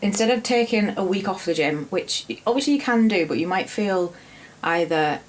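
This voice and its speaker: A woman personal trainer co-hosting a podcast, explaining training in a lively casual way with frequent laughter. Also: mid-range voice, normal speed, rough recording. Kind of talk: casual chat.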